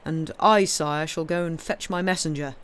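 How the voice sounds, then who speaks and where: A woman's voice: low voice, fairly even intonation, normal speed, close to an everyday voice. A woman reading aloud, voicing an eager, loyal older duke at court. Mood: pleading. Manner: earnest, pleading.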